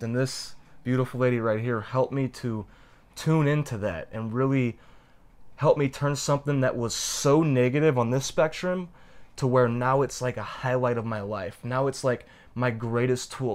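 Earnest, heartfelt male storyteller. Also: medium pitch. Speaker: podcast co-host.

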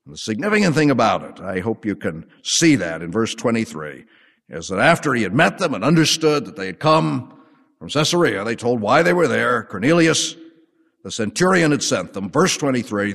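Animated male Bible teacher, echoing. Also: medium pitch, normal speed, creaky. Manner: animated, conversational storytelling. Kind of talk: sermon. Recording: long hall reverb.

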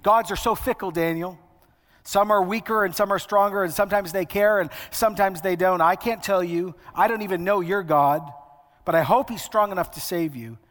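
A man's voice: high voice, moderate pace, fairly bright tone. A man voicing an anxious ancient king who rambles and pleads with a condemned friend. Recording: long hall reverb.

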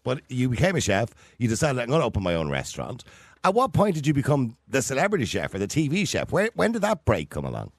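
A man hosting a radio chat, lively and jokey. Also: mid-range voice, quick pace, no echo. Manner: lively, chatty, jokey asides. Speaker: radio host.

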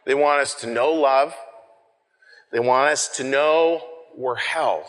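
A man preaching a sermon in a loose, conversational way, often repeating and restarting words, swinging between loud shouts and hushed whispers for effect. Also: medium pitch, slow. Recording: long reverb of a hall.

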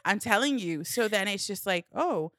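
Woman, candid podcast guest, animated, laughs often, dry close-miked studio sound. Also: medium pitch, normal speed, dry recording. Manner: animated, laughs often, acts out her inner voice. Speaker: guest sharing personal story. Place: studio, seated at a mic. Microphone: close studio mic.

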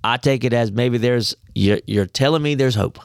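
A man's voice: mid-range voice, normal speed, vocal fry, no room sound, studio quality. A man co-hosting a faith podcast, talking in a folksy, conversational way with preachy asides. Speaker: podcast co-host. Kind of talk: casual faith podcast discussion.

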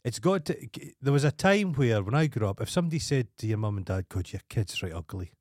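A Scottish man with a Dundee accent, co-hosting a casual comedy podcast and telling rambling, crude stories with deadpan humour. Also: medium pitch, fast, no room sound, studio quality. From Scotland. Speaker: podcast co-host.

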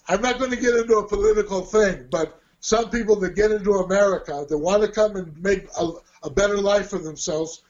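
A high-voiced man, a guest telling his life story, recounts it casually and slips into quoted dialogue with real animation. The audio is dull and lo-fi.

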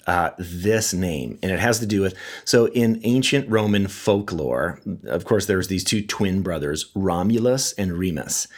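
Low-voiced guy with a cold, wheezy, rambling podcast chat, laughs at his own jokes. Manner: chatty, self-deprecating, laughs at his own stories. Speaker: podcast host and author. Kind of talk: casual monologue.

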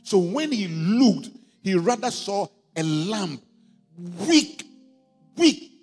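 Pastor man preaching, high voice swinging all over, keeps repeating himself and works up to shouting, big echoey church hall. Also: expressive, slow pace, slightly rough. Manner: emphatic, repetitive, building to shouts. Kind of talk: sermon. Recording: long hall reverb, faint music.

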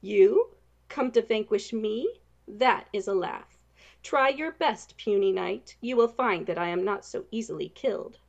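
A woman's voice: mid-range voice, expressive, measured pace, vocal fry, muffled recording. Woman voicing a haughty, growling dragon. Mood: mocking. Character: huge, proud mother dragon.

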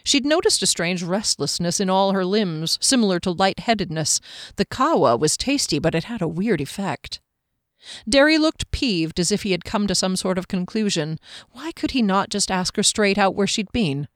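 A woman narrating a fantasy novel with a steady, even delivery. Her voice sits mid-pitched and is recorded close and dry, with no room sound. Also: moderate pace, dry recording. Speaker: audiobook narrator.

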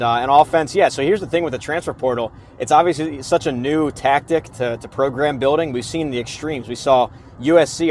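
A man's voice: medium pitch, a little hiss or hum. A man guest on a podcast, talking sports in a casual, earnest way with lots of fillers. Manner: earnest, many fillers and restarts. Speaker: podcast guest, preview writer.

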